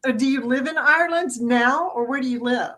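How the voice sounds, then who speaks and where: An older woman with a Southern American accent, chatting as a guest on a video-call podcast in a folksy, expressive way. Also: high voice, fairly quick. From Southern United States. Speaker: guest, author and speaker. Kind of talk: casual podcast chat.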